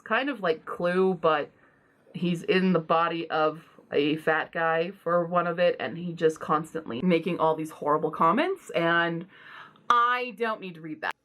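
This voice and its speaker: A woman's voice: fairly low pitch, fairly bright tone. Blunt, chatty woman book vlogger. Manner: blunt, chatty, self-deprecating. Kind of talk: casual book unhaul vlog.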